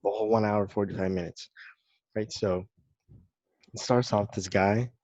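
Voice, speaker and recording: Chill young guy podcast cohost, low voice, kinda muffled lo-fi mic. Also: steady tone, moderate pace, darkish tone, dry recording. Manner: laid-back, short replies, hesitant. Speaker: podcast co-host. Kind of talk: casual chat. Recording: dull lo-fi sound.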